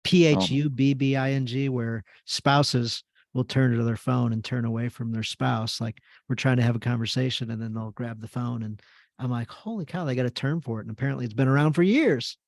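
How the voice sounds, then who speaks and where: A man's voice: medium pitch, steady tone, moderate pace, creaky, dry recording. A man hosting a podcast, chatting in a casual and affirming way. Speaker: podcast host. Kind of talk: casual conversation.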